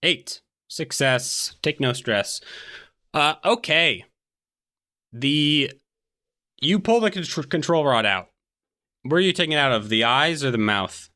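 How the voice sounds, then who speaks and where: A man's voice: a little high, expressive, takes it slowly, pauses often, pushed and bright. A man as game master, narrating a tabletop game with vivid description.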